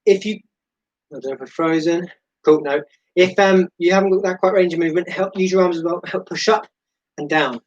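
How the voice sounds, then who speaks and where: A man's voice: high-pitched, brisk, highs cut off. A man leading a live-streamed seated and standing exercise class from his home, giving encouraging step-by-step cues with chatty, self-deprecating asides. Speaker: fitness instructor.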